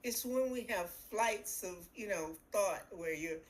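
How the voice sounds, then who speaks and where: A woman co-host talks through astrology over a video call. Her voice sits at a medium pitch, and her lively explanations pile up vivid everyday images. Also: slow pace, low-quality recording. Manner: animated storyteller, uses vivid imagery. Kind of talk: explanatory casual chat.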